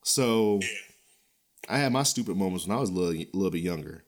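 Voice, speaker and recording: A low-pitched, brisk male podcast host rants bluntly and profanely, chuckling often as he gets animated. His delivery is loose and rambling, full of restarts and fillers, in casual podcast commentary.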